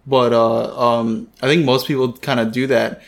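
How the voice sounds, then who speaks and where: A man with a Midwestern American accent in casual chat as a podcast co-host, halting and full of fillers like "like" and "you know". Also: medium pitch, flat delivery, gravelly.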